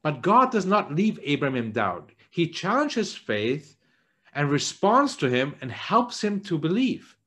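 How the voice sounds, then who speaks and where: A man, a church elder, preaching a sermon in an earnest way, often repeating words as he searches for phrasing and dropping low and soft for quoted lines. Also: very animated, unhurried, slightly rough.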